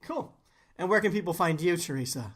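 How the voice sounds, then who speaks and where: A man's voice: a little high, lively intonation, a little fast, a bit bright. A man hosting a podcast, chatting casually and playfully, often laughing. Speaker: podcast host. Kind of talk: casual chat.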